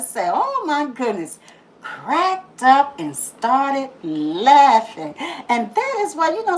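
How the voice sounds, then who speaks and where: Lively, animated woman vlogger. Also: sits high, low-quality recording. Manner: animated, laughs often, repeats phrases for emphasis; drops to a soft, slow prayerful tone. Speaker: YouTube host giving a daily positive message. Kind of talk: casual inspirational monologue.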